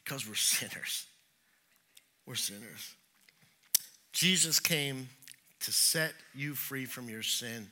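A middle-aged pastor preaches a sermon at a slow pace in a medium-pitched voice, pausing often. He shares personal stories, imitates the voices he quotes, and swings between loud and hushed.

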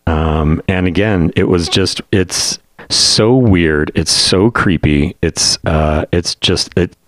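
Man, very low voice, dry sound, casual podcast chat, lots of ums and restarts. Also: fairly bright tone, no room sound. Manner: enthusiastic, halting with many fillers and restarts. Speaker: podcast panelist.

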